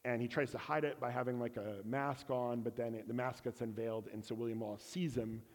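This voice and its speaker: A man's voice: mid-range voice, steady tone, fairly quick, in a large hall. A man telling a personal story in a sermon, candid and self-deprecating, acting out bits of dialogue. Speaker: preacher. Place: church.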